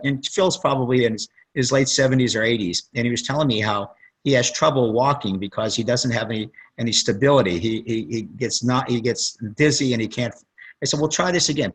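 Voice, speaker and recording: A man's voice: medium pitch, a little fast, slightly rough, low-quality recording. A man, a plastic surgeon guest on a conference call, telling rambling stories and acting out what people said. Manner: rambling storyteller, acts out quotes.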